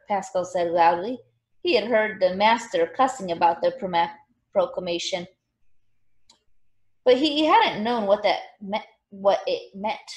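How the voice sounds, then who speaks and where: A woman reading a children's novel aloud with expressive, animated storytelling. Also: medium pitch. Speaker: narrator.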